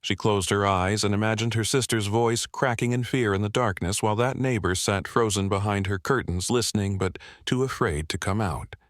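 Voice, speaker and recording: A man with a very low voice tells a true-crime story as scripted narration. His delivery is steady and measured, and the recording is dry and close. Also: no echo.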